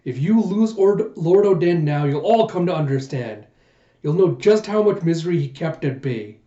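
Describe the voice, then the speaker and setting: A man voicing a fierce, loyal female ninja with a forceful, scolding delivery, in a muffled echoey room recording. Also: a little high, expressive, moderate pace, natural voice. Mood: indignant.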